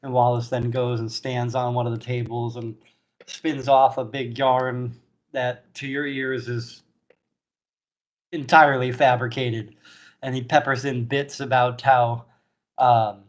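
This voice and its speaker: A man's voice: mid-range voice, level tone, a little slow. A man narrating a tabletop game as game master, casual and a bit hesitant.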